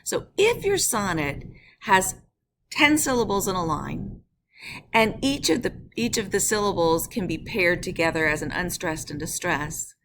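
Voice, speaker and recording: Low-voiced woman teacher, noisy recording. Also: sing-song, a bit bright. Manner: explains patiently, slows to read verse in a measured beat. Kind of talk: recorded lesson narration. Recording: noisy background hiss.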